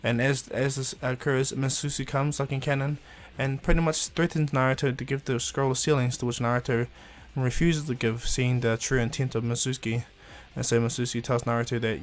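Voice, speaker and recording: A man's voice: mid-range voice, little pitch movement, fairly quick, few pauses. A man casually retelling a fan story, rambling with frequent fillers and restarts.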